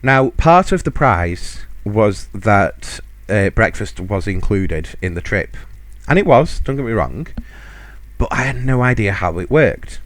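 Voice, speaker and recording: A man's voice: on the low side, sing-song, unhurried, no room sound. A man hosting a podcast, chatting casually and laughing often as he tells a story. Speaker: podcast host.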